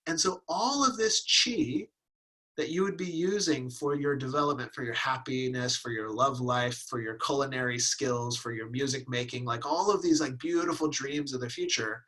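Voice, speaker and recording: Animated husky man teaching Taoist ideas. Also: mid-range voice, normal speed, poor audio. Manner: animated, acts out inner voices with playful laughs. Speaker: Taoist teacher leading a workshop. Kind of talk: teaching a live online class.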